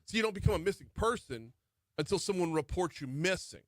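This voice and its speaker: A man's voice: high-pitched, expressive, brisk, no room sound. A middle-aged man hosting a morning talk radio show, running through the news with chatty asides. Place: radio studio. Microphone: studio microphone.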